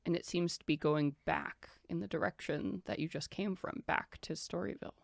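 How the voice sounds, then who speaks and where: Low-voiced woman narrating as game master. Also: normal speed, creaky, dry recording. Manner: loose, descriptive, filler-heavy narration.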